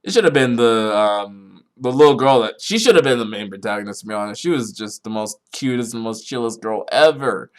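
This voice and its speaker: A young man hosting a podcast, rambling casually and swearing a lot, with his voice jumping up when he gets excited. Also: a little fast, few pauses. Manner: rambling, profane, excitable, pitch jumps when worked up. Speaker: podcast host. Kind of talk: casual solo chat about anime.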